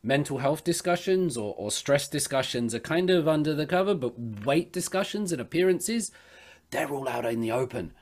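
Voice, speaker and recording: A man's voice: fairly high pitch, lively intonation, moderate pace, a little mellow. A man hosting a casual interview, with frequent stammering restarts as he asks his questions. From United Kingdom. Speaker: host.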